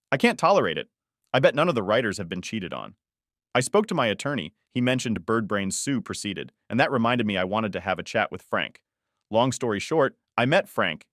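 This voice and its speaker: Male storyteller, lowish voice, even first-person delivery, dead-dry booth sound. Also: no room sound.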